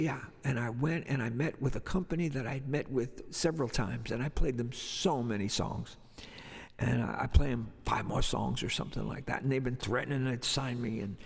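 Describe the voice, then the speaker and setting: A singer-songwriter talks through a long, animated story on his livestream, meandering as he goes. His voice is gravelly and a little husky. A long reverb trails after his words. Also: medium pitch.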